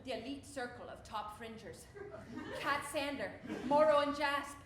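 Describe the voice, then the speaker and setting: An actress playing a giddy, show-off wife in a live comic stage monologue, bragging in a bubbly voice full of giggles. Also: female voice, sits high, moderate pace, close to an everyday voice. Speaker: stage comedy performer. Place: theatre stage with a live audience. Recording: echoey live stage recording with background noise.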